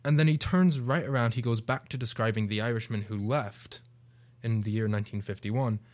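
A young British man with a British accent co-hosts a casual radio discussion, speaking fairly quickly in a slightly mellow, mid-range voice. Earnest and reflective, he picks up speed when making a point.

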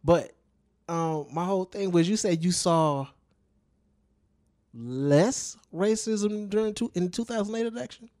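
A man co-hosting a chatty podcast, his voice sitting a little high. He talks loose and profane, with emphatic turns and frequent check-ins with his co-host. The sound is dry and close, with no room around it. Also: unhurried, a little mellow, dry recording. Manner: loose, profane, emphatic, keeps asking "you know what I'm saying?". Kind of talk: casual chat.

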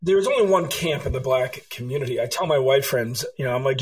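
Speaking quickly with barely any pauses, this man has a mid-range voice captured on a rough recording. He's a middle-aged California author being interviewed as a guest, animatedly telling stories and voicing the dialogue himself.

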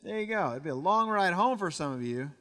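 High, bright-voiced young preacher in a church hall. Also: male voice, lively intonation, a little fast. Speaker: pastor. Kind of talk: sermon. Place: church sanctuary.

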